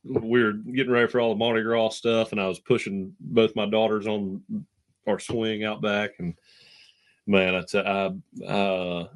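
A man's voice: fairly low pitch, level tone, moderate pace. A young man co-hosting a sports talk show, telling a personal story in a rambling, heartfelt way with lots of restarts. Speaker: podcast co-host. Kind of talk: casual chat, storytelling.

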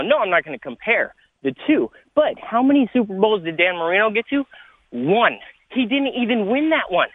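A man calling a sports radio show from California, out of breath and arguing his points in an animated way. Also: high-pitched, no room sound. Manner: animated, argumentative, rapid points. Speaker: caller. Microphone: phone. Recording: tinny phone line.

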